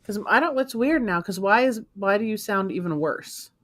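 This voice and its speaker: A woman's voice: medium pitch, lively intonation, normal speed, no room sound. A woman co-hosting a casual live stream, blunt and exasperated about the sound, laughing it off, with a Western Pennsylvania accent. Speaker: co-host of a live reselling stream.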